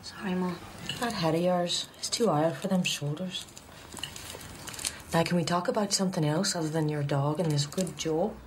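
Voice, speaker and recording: Film role: a woman playing a sharp-tongued Northern Irish matriarch, low pitch. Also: normal speed, a little hiss or hum, natural voice. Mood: scolding. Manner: sharp, scolding. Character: stern Northern Irish woman scolding family.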